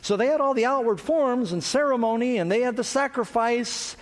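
A man preaching a sermon, telling a Bible story with lively storytelling and acted-out chants. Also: very high-pitched, normal speed. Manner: animated storytelling, acts out chants and mockery. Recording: long reverb of a large hall.

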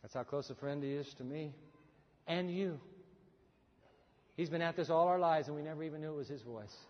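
Brief: high-pitched male pastor, lively acted-out storytelling, muffled hall sound with long reverb. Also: a little fast. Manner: animated storytelling, acts out quoted voices. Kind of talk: sermon.

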